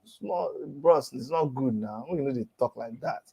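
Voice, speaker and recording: A man in his fifties with a Nigerian accent, giving a mocking monologue in lively Pidgin-laced talk and laughing between lines. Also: mid-range voice, measured pace, creaky, breathy edge. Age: 50s.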